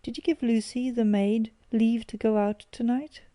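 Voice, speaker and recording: A woman voicing an anxious young woman asking gently about the household at night. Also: on the high side, steady tone, normal speed, no echo, natural voice. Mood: concerned.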